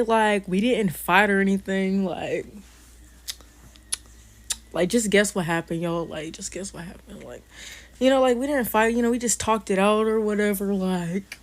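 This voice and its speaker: A woman telling a casual storytime to viewers, loose and rambling, full of fillers. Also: medium pitch.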